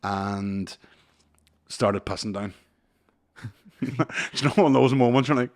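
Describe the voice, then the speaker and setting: A podcast co-host in his thirties speaks at a measured pace with a fairly low pitch, leaving long pauses. His long, funny story is casual and animated, full of swearing, with laughter breaking in mid-story.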